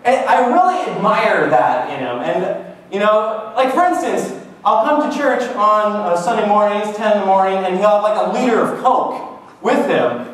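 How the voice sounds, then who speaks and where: A man in his twenties from Canada riffs in a wry, self-mocking monologue, his high voice bouncing all over. He sits well back from the mic, and the room rings with echo. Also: expressive, moderate pace, fairly bright tone. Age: 20s. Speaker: vlogger. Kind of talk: casual comic monologue. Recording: echoey room, far from the mic.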